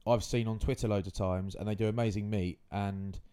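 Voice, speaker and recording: A man's voice: fairly low pitch, fairly even intonation, brisk, dark tone, clear, resonant tone. A man, hosting a podcast and telling rambling stories in casual chat. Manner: rambling anecdotal storytelling. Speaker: podcast host.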